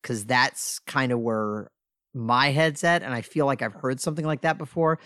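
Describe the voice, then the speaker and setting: A man chatting through a trivia game with a friend, easygoing and self-mocking, a couple of beers in. His voice sits at an average pitch and comes across dry and close, with little room sound. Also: moderate pace, pushed and bright, no echo. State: drinking beer. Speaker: podcast co-host playing trivia. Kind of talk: casual chat.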